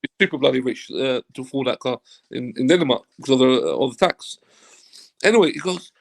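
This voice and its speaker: Medium in pitch, creaky, and quick, this man is a football agent telling a casual anecdote as an interview guest. He performs the dialogue with gusto and swears freely throughout.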